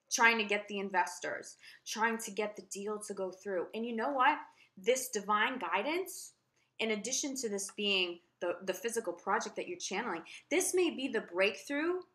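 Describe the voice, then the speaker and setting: Speaking straight to the viewer, this tarot reader has a mid-range voice with a slightly bright quality. Her reading is effusive and spiritual, delivered with plenty of emphasis.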